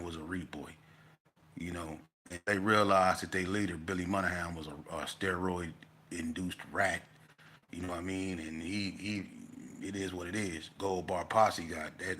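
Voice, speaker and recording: A man telling a casual storytelling monologue, animated and profane, breaking into loud outbursts. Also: low-pitched, slight background noise. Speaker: vlogger telling stories.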